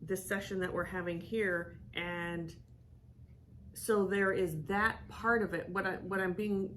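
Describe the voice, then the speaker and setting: A woman hosting as a psychic medium, talking in a rambling, halting way with many fillers and restarts. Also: medium pitch, fairly even intonation, fairly bright tone, slight background noise. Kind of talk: casual reaction chat.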